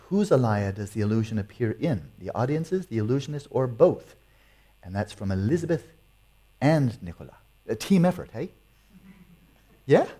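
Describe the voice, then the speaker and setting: A man's voice: medium pitch, warm tone. A man teaching meditation and answering audience questions in a playful, teasing way. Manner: playful, teasing, chuckles often.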